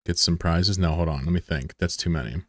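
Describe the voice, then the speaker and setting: A man's voice: low voice, fairly quick, fairly bright tone, no echo, clean studio sound. A young American man chatting loosely with viewers on a stream, rambling and swearing freely. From USA. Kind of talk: casual chat with viewers.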